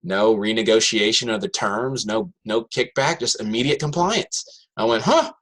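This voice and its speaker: Storytelling man with a lowish voice. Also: moderate pace. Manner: animated, acts out students' voices in quotes. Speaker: high school math teacher. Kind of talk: storytelling talk to an audience.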